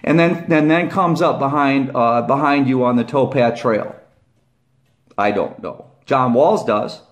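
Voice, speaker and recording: A middle-aged man, a former police officer, telling a long rambling story to camera, repeating "okay?" and "I said" and raising his voice when he acts out his own past shouts. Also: medium pitch, unhurried. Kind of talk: casual monologue to camera.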